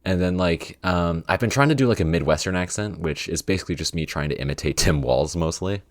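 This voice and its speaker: A man's voice: sits low, a little fast, no room sound, clean studio sound. A young man hosting a podcast, chatting casually with many fillers and restarts while trying out accent impressions. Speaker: podcast host.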